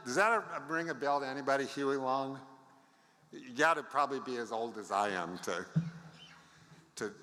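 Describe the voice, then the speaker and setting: Older man with a bright voice telling stories in a big hall. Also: mid-range voice. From United States. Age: 70s. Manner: storytelling with wry asides to the audience. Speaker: conference speaker. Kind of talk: anecdotal conference talk. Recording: long reverb of a large hall.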